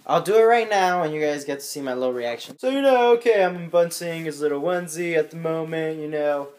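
A man's voice: on the high side, fast talker. A young man and father talking casually to his camera at home in a loose, chatty way, swearing freely. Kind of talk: casual vlog chat to camera.

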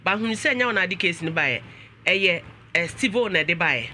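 Bright-voiced Ghanaian male talk show host. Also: sits high, animated, a little fast, a little hiss or hum. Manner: mixes English and Twi, exclaims often.

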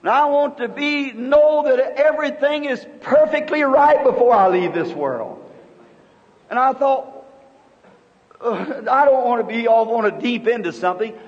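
A man in his fifties preaching a sermon, telling a story in an earnest, halting way with many restarts. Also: very high-pitched. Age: 50s. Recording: dull old sermon tape in a reverberant hall.

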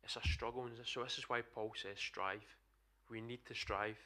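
A man's voice: mid-range voice, fairly even intonation, normal speed, bright, forceful tone. A man with a Scottish accent preaching an earnest, emphatic sermon to a church congregation. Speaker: pastor.

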